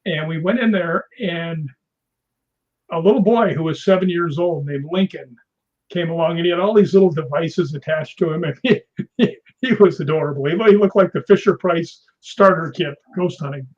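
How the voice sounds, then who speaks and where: A man's voice: on the high side, moderate pace. A man in a casual interview, telling rambling stories with many restarts. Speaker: guest, stuntman. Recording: dull lo-fi sound.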